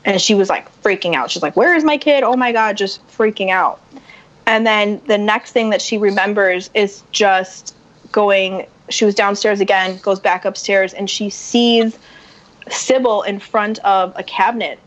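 Woman, podcast guest, casual storytelling, animated, dull lo-fi sound. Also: mid-range voice, unhurried. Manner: animated, acts out quotes.

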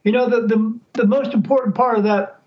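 A man's voice: very high-pitched, fairly quick, highs cut off. A man telling a story as a guest in a casual interview. He acts out what other people said by shifting his voice. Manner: animated, acts out quoted speech in changing voices. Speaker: podcast guest, psychic.

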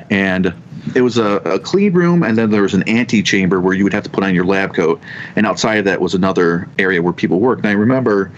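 A man in his thirties telling a ghost story in casual chat, rambling and halting with many restarts and casual swearing. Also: lowish voice, slight background noise. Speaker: podcast guest telling ghost stories. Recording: dull lo-fi sound.

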